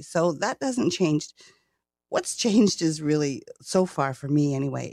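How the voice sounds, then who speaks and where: A woman in her sixties with a Canadian accent talks in a chatty, self-deprecating way, laughing often. Her voice has a gravelly edge. The recording is dry and close. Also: low voice, mellow, no echo. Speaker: guest. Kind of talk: casual interview chat.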